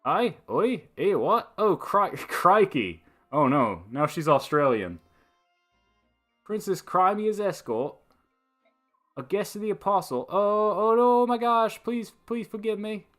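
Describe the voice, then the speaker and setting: A gossiping servant girl with a put-on British accent, as a man reads her lines, high and brassy and well above his usual voice. She talks in a loud, exaggerated lilt over faint game music. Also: lively intonation, slow, full character voice. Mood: gossipy. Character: gossipy young female servant, nosy and chatty. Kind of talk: reading game dialogue aloud.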